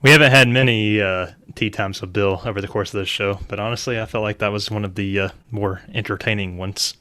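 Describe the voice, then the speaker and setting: A man co-hosting a podcast in casual chat, relaxed and laughing as he steers the running order. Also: lowish voice, a little fast, dry recording. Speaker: podcast co-host.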